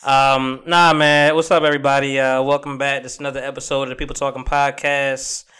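A man's voice: mid-range voice, little pitch movement, brisk, pushed and bright, clear, resonant tone. A young man hosts a podcast in loose, joking casual chat. He laughs often, and his voice sits in an ordinary middle register. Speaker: podcast host.

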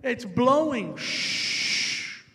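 A man preaching in an unusually high voice, telling his story at an unhurried pace. He animates the conversations as he retells them, and his voice rings with a long hall reverb. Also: vocal fry. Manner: animated, acts out both sides of conversations. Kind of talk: sermon storytelling.

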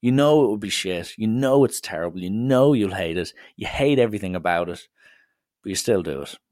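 Irish man, young, podcast host, animated storytelling, dry close sound. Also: fairly low pitch, fairly quick, no echo. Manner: animated, swears, acts out others' lines. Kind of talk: casual storytelling monologue.

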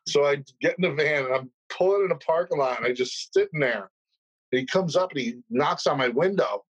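A man's voice: on the high side, brisk, slightly rough, no echo, highs cut off. A man in casual podcast chat, telling a rambling, swear-laden anecdote.

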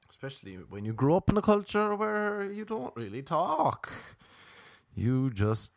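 A man's voice: fairly high pitch, sing-song, takes it slowly, vocal fry, no room sound. Irish man, young, stand-up comic, rambling sardonic delivery, dry close sound. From Ireland. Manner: rambling, repetitive, sardonic asides. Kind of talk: stand-up comedy monologue.

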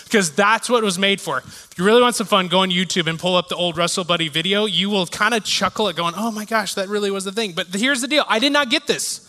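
High, bright-voiced man preaching in a hall. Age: 30s. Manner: animated storytelling, shifting to quiet reflection. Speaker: pastor. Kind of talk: sermon. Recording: reverberant hall sound.

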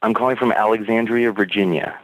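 A man's voice: on the low side, fairly even intonation, a little fast, no room sound, rough recording. A male caller on a podcast, talking in a rambling, hedging way full of fillers. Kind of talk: casual call-in chat.

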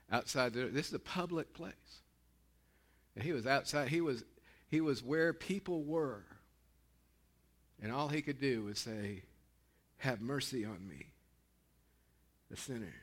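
A man preaching a sermon as pastor in a small church, folksy and animated, with laughing asides. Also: mid-range voice, a little slow, long pauses.

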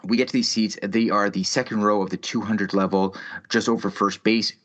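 A man's voice: on the low side, steady tone, brisk, a bit bright. A man in his thirties hosting a podcast, telling a story in casual chat with heavy swearing and exaggerated ranting. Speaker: podcast host. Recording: slightly muffled lo-fi audio.

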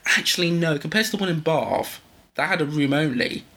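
A man's voice: a little high, animated, brisk, bright, forceful tone. A man co-hosting a podcast, talking in rambling, self-interrupting casual chat. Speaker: podcast co-host.

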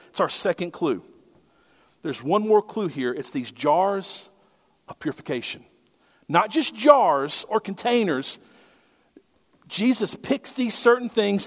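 A man in middle age gives a sermon with a lively, swooping delivery, his voice sitting high for a man. He talks to the congregation in a conversational way, tossing out rhetorical questions. A long reverb trails after his words in the church. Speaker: pastor.

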